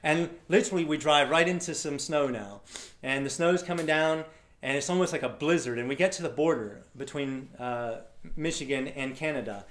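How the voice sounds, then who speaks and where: A man's voice: fairly high pitch, normal speed. A middle-aged man from Florida telling a story to a live audience, acting out the voices of the people in it. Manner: animated, acts out voices of people in his story. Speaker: speaker. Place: event room with a live audience.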